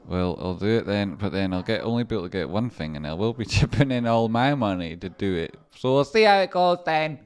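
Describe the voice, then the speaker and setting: Deep-voiced rambling livestream trader man. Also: fast talker, hardly any pauses, darkish tone. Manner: rambling, swearing, laughs often. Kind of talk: casual livestream commentary.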